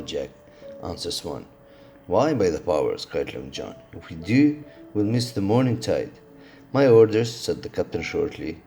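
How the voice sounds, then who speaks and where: A man reading a classic adventure novel aloud, steady but with occasional slips and restarts. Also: sits low. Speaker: audiobook reader.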